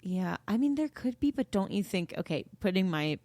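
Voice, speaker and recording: A woman's voice: medium pitch, sing-song, normal speed, mellow, no echo. A woman co-hosting a true-crime podcast who questions theories and plays devil's advocate in casual chat. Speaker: podcast co-host.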